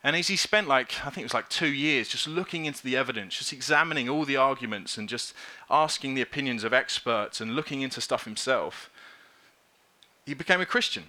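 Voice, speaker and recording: A man preaching a conversational sermon, lively and informal, acting out little quoted voices as he goes. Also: medium pitch, fairly quick.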